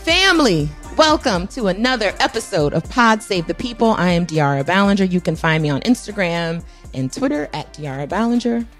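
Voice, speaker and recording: A woman co-hosting a podcast, talking in an enthusiastic, animated way. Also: mid-range voice, moderate pace, hardly any pauses, soft background music. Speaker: podcast co-host. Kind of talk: casual podcast chat.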